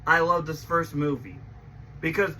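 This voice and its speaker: High, piercingly bright rambling man. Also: lively intonation, moderate pace, distant mic, slight background noise, poor audio. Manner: rambling and emotional, repeats and stammers often; swears casually. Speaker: movie trailer reactor. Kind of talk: casual reaction commentary.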